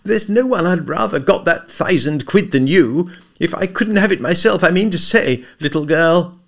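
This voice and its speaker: A dim young upper-class English gentleman, plaintive and easily flustered, as a man puts him on. His voice sits high and swoops wildly from note to note. He gushes in eager, breathless bursts. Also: animated, moderate pace, creaky. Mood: gushing.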